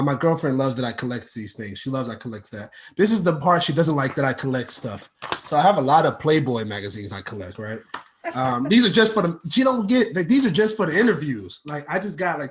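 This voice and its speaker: A man's voice: fairly high pitch, breathy edge. Rambling slangy young man doing stand-up. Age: young adult. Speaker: stand-up comedian. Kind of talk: stand-up set.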